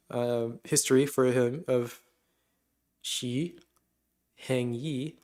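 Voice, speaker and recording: A man's voice: medium pitch, a little mellow. A man on a live stream reacting casually to a video and memes, musing aloud and chuckling as he talks to himself.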